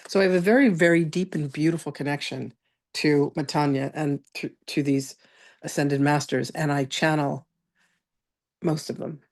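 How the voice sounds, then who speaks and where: A woman's voice: low voice, fairly even intonation, moderate pace, darkish tone. A woman teaching a live online spiritual masterclass, telling chatty stories and greeting attendees by name.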